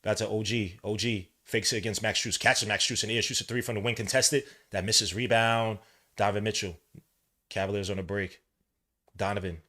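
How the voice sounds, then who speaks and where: Bright-voiced man calling a game live. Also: fairly low pitch, brisk. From New York. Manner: excitable, shouts at plays, rambling asides. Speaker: podcast host doing a game watch-along. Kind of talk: casual live play-by-play and chat.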